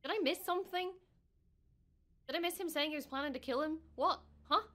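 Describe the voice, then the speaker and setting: A woman reacting to a show as she watches, excitable and swearing freely, with laughs and gasps. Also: high-pitched, a little fast. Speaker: reaction streamer. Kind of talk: live reaction commentary.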